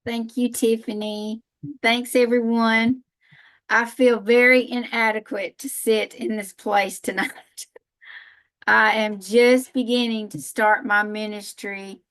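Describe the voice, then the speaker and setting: A woman's voice: a little high, little pitch movement, takes it slowly, a bit bright. A woman from Northern Alabama with a Southern accent, speaking on a live panel in a folksy, self-deprecating way and laughing often. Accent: Southern American. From Northern Alabama, USA. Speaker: panel speaker, spiritual practitioner.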